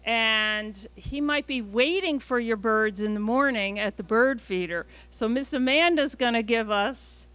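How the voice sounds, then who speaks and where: A woman's voice: on the high side, measured pace, hardly any pauses, a bit bright, no echo. A woman presenter leading a family class, enthusiastically coaxing the audience to repeat bird calls.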